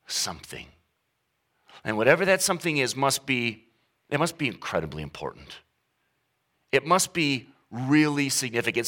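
A man preaching a sermon as pastor, talking conversationally with humor, slowing and stressing key words. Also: on the high side, bright, forceful tone. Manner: emphatic, with varied pace.

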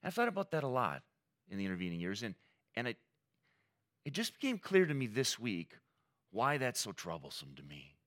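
Male pastor, preaching with earnest emphasis and story asides; lower voice that swings widely. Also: huge pitch swings, fairly quick, long pauses, a bit bright. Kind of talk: sermon.

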